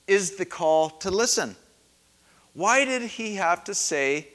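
Preacher man with a bright voice. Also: high voice, unhurried. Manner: dramatic, varies loudness for emphasis. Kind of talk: sermon. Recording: long hall reverb.

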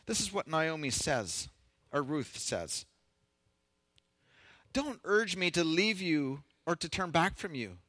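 A pastor preaching a sermon, reading scripture in an earnest, measured way with touches of light humor. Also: male voice, on the high side, sing-song, bright, forceful tone, no echo.

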